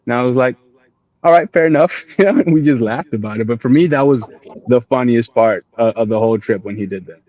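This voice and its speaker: A man's voice: medium pitch, quick pace, dry recording, muffled recording. A man casually telling a funny story from a group climb, laughing as he retells it. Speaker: climb team member.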